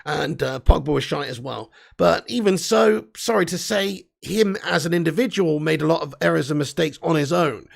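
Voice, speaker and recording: A man's voice: a little high, normal speed, vocal fry, few pauses. A young man hosting a live fan stream, reading chat comments and ranting bluntly with plenty of swearing. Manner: blunt, sweary, excitable banter. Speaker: livestream host.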